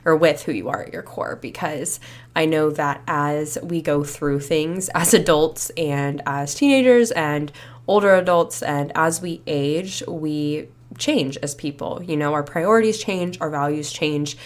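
Young female podcast host, deep-toned, casual and reflective, slightly congested. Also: takes it slowly. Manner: chatty, reflective, many fillers like "you know" and "like". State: slightly stuffy after a cold, a bit out of breath. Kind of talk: casual solo podcast talk.

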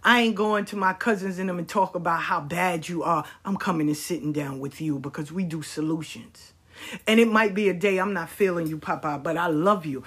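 A woman with a husky, breathy edge to her voice holds forth in a candid storytelling monologue. She talks bluntly and swears freely, leaning hard on her emphasis. Now and then she slips into mimicking the people in her stories. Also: lowish voice. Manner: mimics people in quoted asides.

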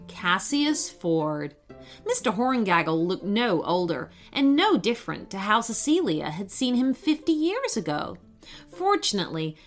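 A woman narrating a children's story in an expressive, dramatic way. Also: medium pitch. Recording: faint background music.

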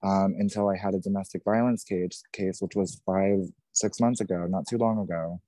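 A man's voice: deep voice, fairly even intonation, normal speed, dark tone, no echo. A man in his thirties, a podcast guest, telling a painful personal story in a raw, intense way, swearing often and repeating himself. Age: 30s.

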